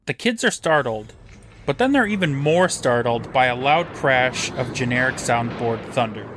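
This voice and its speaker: A man's voice: mid-range voice, expressive, normal speed, background noise. A man co-hosting a podcast, recapping an episode in a dry, matter-of-fact storytelling manner. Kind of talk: casual recap narration.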